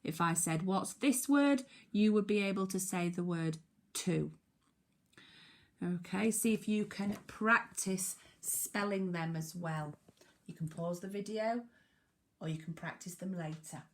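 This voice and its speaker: A woman teaching a recorded phonics lesson to young children, slowly and clearly sounding out letters, counting down and praising. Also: on the low side.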